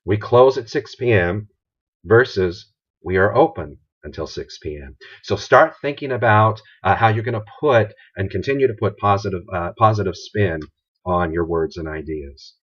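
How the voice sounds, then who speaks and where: A man teaching a business writing course in a recorded video lecture, measured and pausing with filler words, posing rhetorical questions to students. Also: lowish voice, fairly bright tone. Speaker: college instructor. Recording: dull lo-fi sound.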